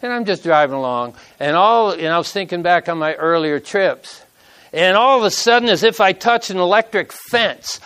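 A man's voice: sits high, lively intonation, unhurried, a bit bright. A middle-aged man preaching a sermon, telling a personal story with emotion and reading scripture aloud in an earnest way.

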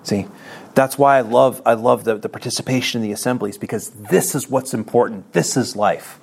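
Gravelly-voiced middle-aged man preaching. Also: medium pitch, moderate pace. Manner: earnest, conversational, self-deprecating, repeats phrases. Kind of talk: sermon.

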